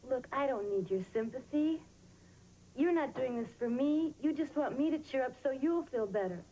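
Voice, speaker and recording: A woman's voice: high voice, expressive, moderate pace, mellow, dull audio, slight background noise. An actress playing a young woman patient who speaks bluntly and candidly. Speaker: actor. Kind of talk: sitcom drama acting.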